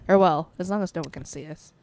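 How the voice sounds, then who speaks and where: A woman's voice: lowish voice, fairly quick, a little mellow, no room sound. A woman in her twenties co-hosting a casual podcast, rambling with lots of ums and giggles. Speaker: podcast co-host. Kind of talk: casual chat.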